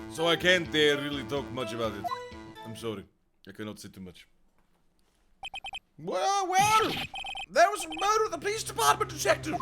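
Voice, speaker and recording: A big, cheerful police chief with a put-on Russian accent, as a man plays him. He talks soft and low. Music plays behind him.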